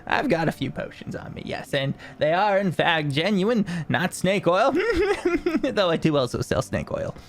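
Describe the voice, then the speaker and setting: A man's voice: high voice, very animated, measured pace, pitched above the performer's own voice, heavily acted. A man voicing a jolly, portly half-dwarf tinkerer who sells odds and ends with eager salesman patter.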